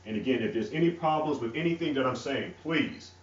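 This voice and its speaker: Man with a North Carolina country twang. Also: mid-range voice. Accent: rural North Carolina. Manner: halting and repetitive, checks in with "all right?". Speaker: ministry teacher. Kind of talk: teaching a religious lesson while writing on a board. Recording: echoey room, far from mic, dull lo-fi.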